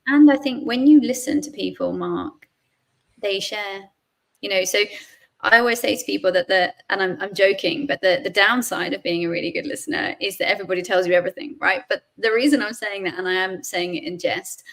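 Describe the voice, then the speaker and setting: Woman host, mid pitch, eager, lots of "right?" and "you know". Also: a little fast, creaky, fairly bright tone. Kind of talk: live interview chat.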